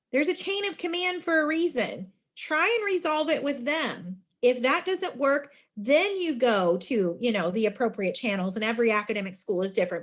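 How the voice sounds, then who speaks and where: A middle-aged woman who directs student involvement at a university leads a leadership workshop in an ordinary, middle-pitched voice. She calls her listeners friends and shifts into lively, emphatic storytelling to make her points.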